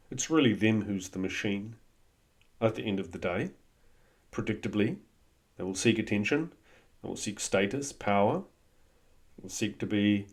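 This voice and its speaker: Guy, lowish voice, swearing a lot, blunt pep-talk vibe. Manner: blunt, swears freely, coaching tone. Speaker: host. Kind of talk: motivational monologue.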